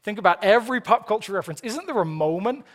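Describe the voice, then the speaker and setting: A man's voice: sits high, expressive, fast talker. A man preaching a sermon, earnest with playful asides, often repeating the first word of a phrase. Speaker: pastor.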